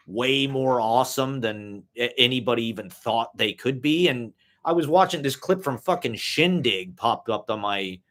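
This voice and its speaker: With a medium-pitched, fairly bright voice, a young man drifts from thought to thought in an off-the-cuff solo vlog. The rambling talk is casual, profane, and thick with "like" and "you know."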